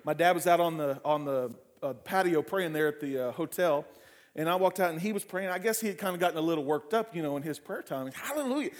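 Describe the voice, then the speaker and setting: A male pastor preaching a sermon, telling family stories with humor and lively asides. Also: on the high side, fast talker. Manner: frequent fillers and restarts in anecdotes.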